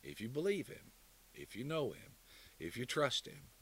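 A man preaching a sermon and closing in prayer, emphatic, building to loud declarations and dropping low again. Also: huge pitch swings, normal speed, slightly rough.

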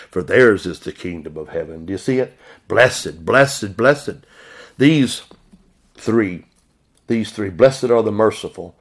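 A man preaching a sermon, pressing the listener with repeated questions and reading scripture aloud in slow, stressed phrases. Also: lowish voice. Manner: emphatic, repeating rhetorical questions.

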